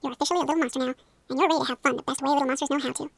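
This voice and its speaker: High, very gravelly woman guiding playful hypnosis. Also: steady tone, rapid-fire, no room sound. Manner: coaxing and encouraging, playful. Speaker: hypnosis guide. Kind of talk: playful hypnosis role-play.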